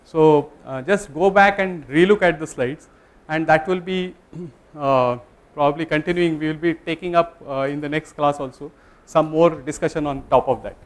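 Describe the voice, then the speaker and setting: A man's voice: a little high, normal speed. A man giving a classroom lecture, talking in a conversational way, polling the students and correcting himself mid-sentence. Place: lecture room.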